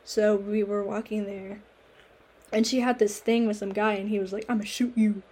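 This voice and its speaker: Husky young woman telling a story. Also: medium pitch, moderate pace. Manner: animated storytelling, laughing often. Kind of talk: casual chat.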